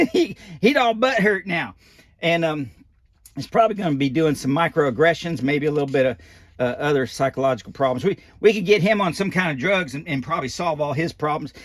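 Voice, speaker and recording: A man's voice: on the high side, no room sound. A man voicing a folksy old animatronic doll who reads a children's picture book aloud with rambling asides and loose grammar.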